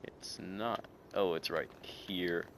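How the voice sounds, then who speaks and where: A man's voice: low-pitched, steady tone, slow pace, fairly bright tone, a little hiss or hum. A young man giving rambling, enthusiastic let's-play commentary while gaming. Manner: rambling, filler-heavy, enthusiastic. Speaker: gaming video creator.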